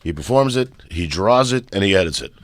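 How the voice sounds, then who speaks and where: A middle-aged man with a thick New York accent chats as a guest, his voice sitting very low but bouncing lively through his stories. He laughs his way through tales in a loose, easygoing manner. The sound is dry and close. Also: brisk, no room sound. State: out of breath. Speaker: guest comedian. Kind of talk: casual chat.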